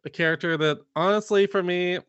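A man co-hosting a casual podcast chat, animated and quick to laugh. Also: sits high, clean tone, no room sound, muffled recording. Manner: animated, laughing, mimics lines. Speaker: podcast co-host.

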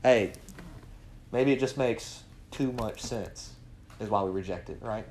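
A man leading a morning Bible study, preaching with lots of rhetorical questions and swinging from quiet asides to loud cries. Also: on the low side, measured pace, a little hiss or hum. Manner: animated, fires rhetorical questions at the group.

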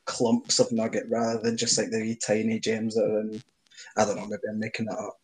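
A man's voice: on the low side, monotone, a little fast, poor audio. Chatty young scottish man. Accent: Scottish, west of Scotland. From Scotland. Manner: chatty, laughs often, rambling. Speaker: podcast co-host. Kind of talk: casual chat. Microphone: phone.

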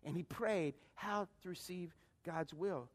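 Pastor guy, really high voice, preachy back-and-forth with the church, loud then soft. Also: a little slow. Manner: preachy call-and-response, swings from loud to hushed. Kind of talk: sermon.

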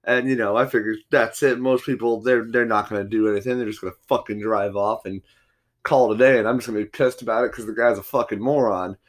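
A man's voice: fairly low pitch, steady tone, fast talker. A man hosting a solo podcast, telling stories in a rambling, profanity-filled, combative rant. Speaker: podcast host.

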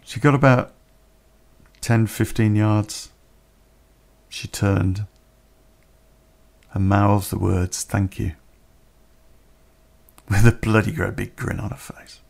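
A man telling a personal story on a podcast in a plain-spoken, unhurried way with pauses. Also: lowish voice, steady tone, creaky, darkish tone.

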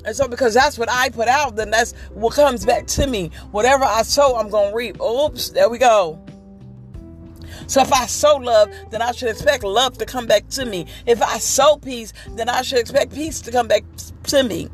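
A woman's voice: on the high side, moderate pace. Woman preaching self-worth, emphatic and repetitive, real candid, faint music behind. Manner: emphatic and preachy, repeating phrases for rhythm; candid and confessional. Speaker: motivational speaker. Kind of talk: inspirational monologue.

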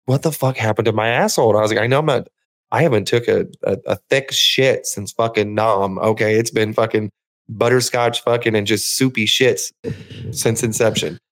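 A man's voice: on the low side, steady tone, moderate pace. A man telling a long crude story on a podcast, rambling and swearing, acting out other people's lines. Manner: rambling storyteller, profane, acts out voices. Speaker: podcast co-host. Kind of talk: casual crude chat.

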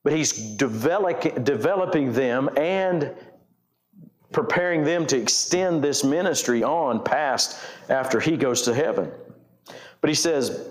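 A man's voice: fairly high pitch, a little slow. Middle-aged male preacher, casual country sermon, rambling, emphatic. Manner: folksy, rambling, self-correcting, emphatic. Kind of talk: informal sermon.

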